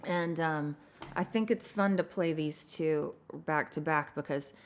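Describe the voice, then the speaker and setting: Woman songwriter hosting her own stream, lowish voice, greets fans by name, self-deprecating. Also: unhurried, slight background noise. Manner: rambling and chatty, greets viewers by name; self-deprecating, laughs at herself. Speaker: singer-songwriter hosting a livestream. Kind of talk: casual livestream chat with viewers.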